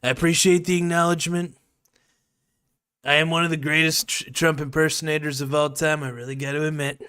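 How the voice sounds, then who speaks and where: A man putting on a comic impression of a boastful older male politician who praises himself loudly and repeats superlatives. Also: fairly high pitch, flat delivery, brisk, clear, resonant tone. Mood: bragging. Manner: loud, bragging, repeats superlatives. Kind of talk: comic impression during a live stream.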